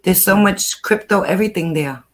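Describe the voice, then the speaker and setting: An older woman, chatting as a host. She tells her stories in a lively, talkative way at a middling pitch. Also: moderate pace. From New York. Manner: chatty, animated storyteller. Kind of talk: casual chat.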